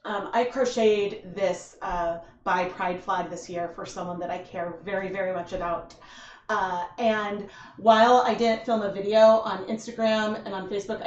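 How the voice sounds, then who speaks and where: A woman in her thirties hosting a casual craft livestream, talking in a rambling, halting way with many fillers and restarts. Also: mid-range voice, echoey room, lo-fi sound, slight background noise. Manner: emotional, tearing up while thanking donors.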